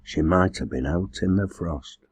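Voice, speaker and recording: Low husky guy reading a novel aloud, measured and earnest, dry close sound. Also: darkish tone, no room sound. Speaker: audiobook narrator. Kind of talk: scripted narration.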